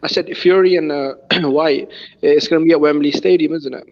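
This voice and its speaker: A man's voice: a little high, fairly even intonation, a little fast. Easygoing man on dull call audio. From England. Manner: easygoing, laughs often, hesitant with fillers. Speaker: panel guest. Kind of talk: casual panel chat.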